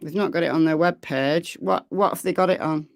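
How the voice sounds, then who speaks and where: A woman's voice: sits low, a little fast, gravelly, no room sound, clean studio sound. A woman from Lancashire with a Lancashire accent, hosting a casual true crime livestream and answering viewers' chat, often repeating her phrases. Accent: Lancashire English. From Lancashire, England. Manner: chatty, repeats phrases, reads chat aloud.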